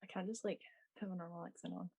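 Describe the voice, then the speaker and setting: A woman's voice: fairly low pitch, flat delivery, fast talker, vocal fry, warm tone, breathy edge. Woman, Glaswegian accent, wry, reluctant, casual chat. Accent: Scottish, Glaswegian. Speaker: cosplay livestream co-host.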